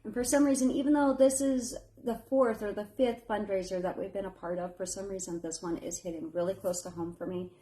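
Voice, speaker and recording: A woman's voice: medium pitch, steady tone, a little fast, hardly any pauses, dark tone. A woman in her thirties hosting a live baking stream, chatty and encouraging, admitting she feels nervous. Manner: chatty and encouraging, calls viewers honey. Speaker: home baker hosting a live fundraiser bake. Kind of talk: casual live-stream chat.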